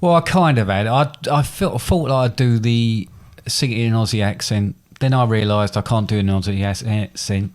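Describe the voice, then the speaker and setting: A man's voice: lowish voice, moderate pace, few pauses. A man co-hosting a casual podcast chat, rambling and self-deprecating as he talks. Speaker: podcast co-host.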